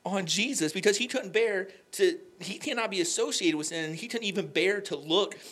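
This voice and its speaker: A young man telling an emotional faith story on a podcast, animated and full of "like" fillers. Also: sits high, normal speed. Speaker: podcast guest. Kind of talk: candid faith conversation.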